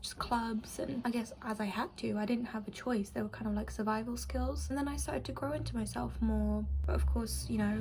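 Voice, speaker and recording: High, flat-voiced young British woman. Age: young adult. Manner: candid and chatty, drops into soft whispered asides. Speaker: vlogger. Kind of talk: casual chat to camera. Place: at home near a road. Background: faint traffic noise.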